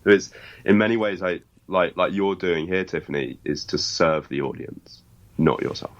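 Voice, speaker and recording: A British man with a very low voice talks in an earnest, motivational way as an interview guest. He leans hard on key words. The recording sounds dull and a little lo-fi. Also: moderate pace. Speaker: podcast host and life coach guest. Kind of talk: interview conversation.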